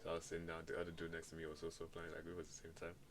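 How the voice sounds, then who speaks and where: A young man co-hosting a podcast, telling stories excitably and filling his talk with "bro" and "like". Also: low voice, very fast, noisy background. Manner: excitable storyteller, says "bro" and "like" a lot. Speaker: podcast co-host. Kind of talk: casual chat.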